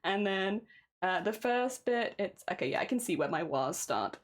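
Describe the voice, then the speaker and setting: A woman chats on her live stream while she edits audio. She talks at an easy middle pitch, narrates each click as she goes, and laughs at her own mistakes. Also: lively intonation, normal speed. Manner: giggly and self-deprecating, narrating each editing step. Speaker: streamer recording a song cover. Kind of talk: casual livestream chat while editing audio.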